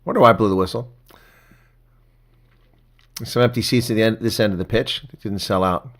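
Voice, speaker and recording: A man giving casual live reaction commentary on a rugby match, chatty and thanking viewers, getting excited on big plays. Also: on the low side, a little fast.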